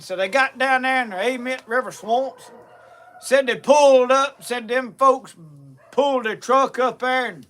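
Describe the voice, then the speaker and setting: High, bright-voiced drawling storyteller man. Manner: drawling, repeats "said" constantly, chuckling. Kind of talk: folksy tall-tale storytelling. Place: live show stage.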